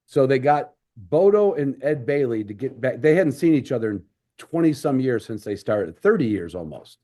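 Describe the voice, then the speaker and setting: A man's voice: medium pitch, big pitch swings, normal speed, mellow. A man hosting a podcast, telling stories in a casual, rambling way with many restarts. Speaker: podcast host. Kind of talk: casual storytelling chat.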